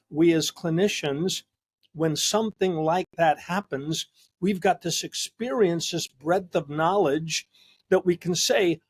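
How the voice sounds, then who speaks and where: A male psychologist hosts a conversational discussion show, speaking earnestly and emphatically and often repeating a word as he starts a sentence. His voice is a little high, with slight background noise.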